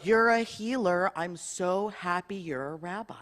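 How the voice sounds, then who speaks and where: A woman rabbi quoting her young daughter's admiring words in a soft, earnest tone. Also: on the low side, unhurried. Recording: long hall reverb.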